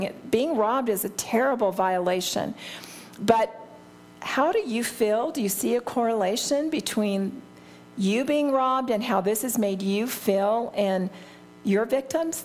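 A woman's voice: on the high side, a little mellow, slight background noise. A middle-aged woman teaching a Bible study in a candid, conversational way, often laughing at herself.

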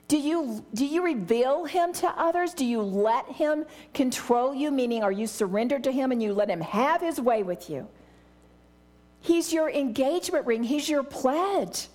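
Her voice sits high and a little mellow. This middle-aged woman leads a Bible study with enthusiasm and exclamations, performing small scenes with different voices to illustrate her points.

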